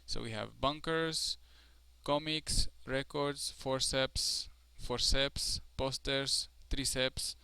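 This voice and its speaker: A man's voice: mid-range voice, creaky, bright, forceful tone, smooth, dry recording. A man giving a recorded screencast lesson as a Spanish teacher, explaining step by step with frequent ums. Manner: explanatory, slow and deliberate with frequent fillers.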